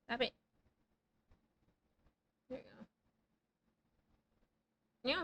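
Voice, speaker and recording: A woman's voice: a little high, moderate pace, gravelly, poor audio. Chatty woman streamer in her thirties. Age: 30s. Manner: rambling, swears freely, self-mocking banter with chat. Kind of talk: casual live gameplay chat.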